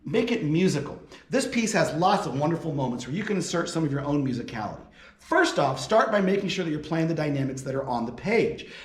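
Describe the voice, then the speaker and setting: A man's voice: fairly high pitch, animated, a little fast. A man giving a percussion lesson, explaining audition tips and counting rhythms aloud as he demonstrates. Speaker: percussion professor. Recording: roomy with loud marimba.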